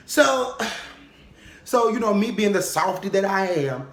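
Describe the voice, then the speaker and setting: A young man telling a funny personal story in casual vlog style, animated and comic, often checking in with "okay?". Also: sits high, unhurried, long pauses, a little hiss or hum. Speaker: vlogger. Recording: roomy echo.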